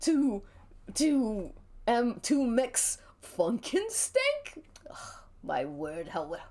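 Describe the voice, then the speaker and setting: Woman playing a pompous old fussbudget, haughty and lively in pitch. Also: extremely slow, full character voice. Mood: indignant. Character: prissy older man, theatrical and fussy.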